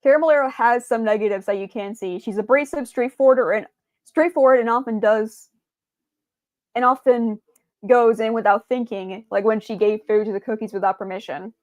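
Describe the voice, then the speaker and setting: A woman's voice: on the high side, fairly even intonation, normal speed, a little mellow, no echo, clean studio sound. A woman streamer chatting casually, rambling with many fillers and restarts, stumbling over her words and answering viewers' chat.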